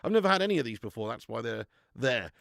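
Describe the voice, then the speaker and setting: A man's voice: mid-range voice, very animated, quick pace, creaky, a bit bright, no echo, clean studio sound. A man, hosting a casual live stream and bantering with viewers in a chatty, matey way, laughing often.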